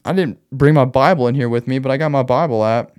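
A man's voice: mid-range voice, fast talker, a little mellow, clean tone. A man hosting a podcast, retelling a Bible story in a loose, chatty way with slangy asides. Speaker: podcast host.

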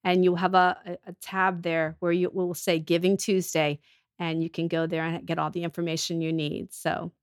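A woman's voice: fairly low pitch, level tone, moderate pace, clean tone, no echo, studio quality. A woman with a cold, telling earnest stories as a ministry leader in a casual podcast chat. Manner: earnest storytelling with restarts. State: has a cold.

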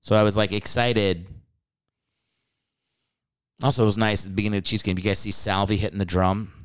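A man's voice: lowish voice, level tone, a little fast, smooth. A man hosting a podcast, ranting about sports in a casual comedic way. He swears freely and laughs often. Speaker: podcast host.

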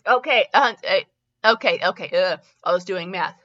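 A woman's voice: on the low side, normal speed, fairly bright tone, lo-fi sound. A woman hosting a show where she reads fanfiction aloud, often tripping over words and laughing at herself between passages. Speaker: podcast host reading fanfiction aloud. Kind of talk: reading a story aloud with comic asides.

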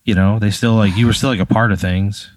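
A man's voice: fairly low pitch, fairly even intonation, a little fast, dry recording. A man casually telling an improvised story in a loose, conversational way. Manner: loose, conversational, lots of fillers. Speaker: podcast host posing a hypothetical.

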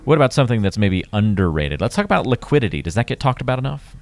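A man with a low, deep voice hosts a finance talk show, upbeat and conversational as he reads promos and tees up questions. The sound is close and dry, with no room around it. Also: sing-song, very fast, no echo. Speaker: show host.

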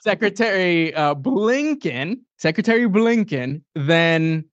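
This man co-hosts a talk podcast, reading out policy details in a fairly high voice. He keeps breaking in with disbelieving remarks. His sound is dry and a bit dull. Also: animated, no room sound. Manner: quick, incredulous asides between facts. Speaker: podcast co-host.

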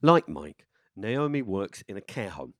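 A man's voice: on the low side, sing-song, unhurried, a bit bright, no echo, studio quality. A man presenting and narrating a documentary in a scripted, enthusiastic way.

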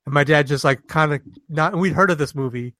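A man's voice: fairly high pitch, fast, no room sound, clean studio sound. A man in his forties, co-hosting a casual chat and telling stories with lots of swearing and laughter. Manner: animated storyteller, swears freely, laughs often. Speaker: podcast co-host.

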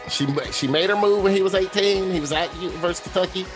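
A man co-hosting a casual sports podcast, emphatic and animated as he tells a story. His voice sits a bit high and swings widely. Music plays clearly underneath. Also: fast talker, hardly any pauses. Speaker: podcast co-host.

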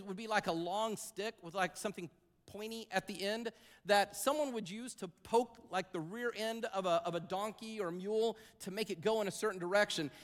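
A man's voice: high-pitched, in a large hall. A man preaching a sermon to a church congregation, in a conversational style with asides and repeated phrases. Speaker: pastor. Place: church sanctuary.

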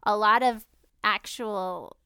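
A woman's voice: mid-range voice, slow, bright, forceful tone, smooth, dry recording, studio quality. A woman hosting a podcast, chatting casually and laughing easily. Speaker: podcast co-host. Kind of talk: casual chat.

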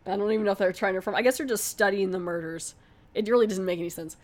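A woman's voice: medium pitch, very fast. Rambling woman reviewing a movie. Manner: rambling, many fillers. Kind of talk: casual spoken movie review.

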